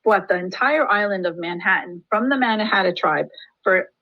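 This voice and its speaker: A woman's voice: mid-range voice, normal speed. A woman teacher talks through a history lesson in a chatty way and drops joking asides, with a medium voice. The recording sounds dull and a bit lo-fi. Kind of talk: classroom lesson screencast.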